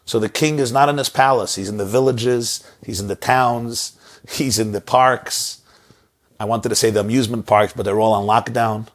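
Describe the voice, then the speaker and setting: A man's voice: medium pitch, steady tone, normal speed. A man telling a story as a sermon, dramatic and repetitive in his phrasing. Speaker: inspirational speaker.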